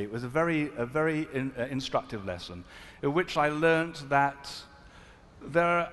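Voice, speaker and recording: A man from South Africa, a rabbi, telling a story at a panel in an earnest, reflective, halting manner. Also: mid-range voice. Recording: echoey hall, faint noise.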